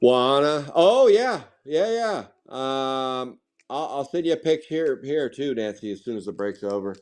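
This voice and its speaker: A man's voice: medium pitch, expressive, measured pace, darkish tone, clean tone. A man chatting casually while opening trading card packs on a live stream, drifting into rambling side stories. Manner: rambling, sidetracked anecdotes.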